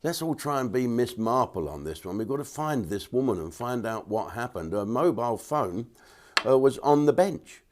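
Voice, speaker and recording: A man's voice: medium pitch, lively intonation, normal speed, a little mellow. An older man, a comedian ranting bluntly in an opinionated monologue and putting on voices for the people he quotes. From England. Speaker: comedian host.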